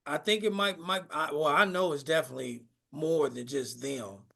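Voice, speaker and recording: A man co-hosting a podcast live stream, chatting casually in a halting way full of fillers. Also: fairly high pitch, vocal fry, pushed and bright. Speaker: podcast co-host.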